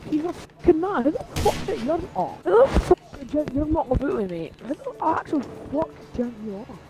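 A young man on a gaming headset, trading insults in voice chat. His pitch jumps around a lot, and he flares from muttering into angry bursts of swearing. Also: big pitch swings, noisy background. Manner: foul-mouthed, quick-tempered, shouting in bursts. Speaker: online game player.

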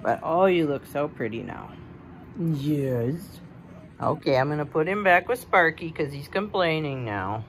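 A woman's voice: sits low, expressive, a little slow, slight background noise. A woman fussing over her pet guinea pig, cooing and baby-talking to it.

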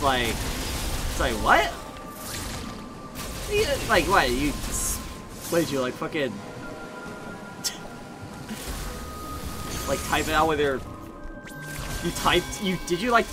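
A male streamer chatting casually while playing a game live, giggling often and swearing freely as he rambles. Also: fairly high pitch.

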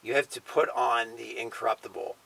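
A man teaching the Bible in a casual sermon style, often tagging his points with a quiet "okay?" or "you know". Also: mid-range voice, steady tone, a little fast, creaky, dry recording, low-quality recording. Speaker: preacher.

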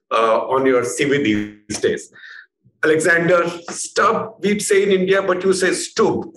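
A man's voice: on the high side, fairly bright tone. A man hosting an interview, introducing his guest and asking long, winding questions with many fillers. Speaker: interview host. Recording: echoey room with faint noise.

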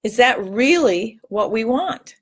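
Woman vlogger, high voice, slow and heartfelt, close to tears. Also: lively intonation, husky. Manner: emotional, earnest, swings up into tearful high pitch. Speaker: vlog host giving a weekly tip. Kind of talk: heartfelt casual talk to camera.

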